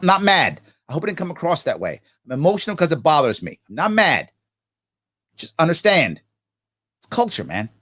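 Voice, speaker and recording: A man's voice: a little high, a bit bright, breathy edge. A middle-aged man hosting a live question-and-answer stream, reading viewer questions aloud and answering them with passion. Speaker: host. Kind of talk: live Q&A livestream.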